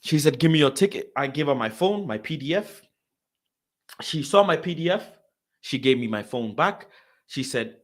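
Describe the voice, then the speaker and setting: Slangy young man ranting. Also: normal speed. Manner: animated, slangy, swings from loud exasperation to low grumbling. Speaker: host. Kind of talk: casual storytelling rant.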